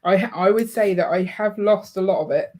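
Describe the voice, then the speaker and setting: As co-host of a live building stream, a woman chats casually and teases while she builds, laughing often. Her medium-pitched voice is brisk with a darkish tone, over faint background noise and clicks.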